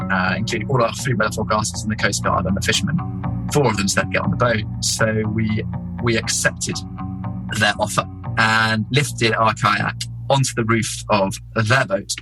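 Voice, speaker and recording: Lower-voiced man telling stories over music. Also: normal speed, rough recording. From England. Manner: lively, animated storyteller. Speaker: explorer guest. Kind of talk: casual storytelling. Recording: music bed under voice.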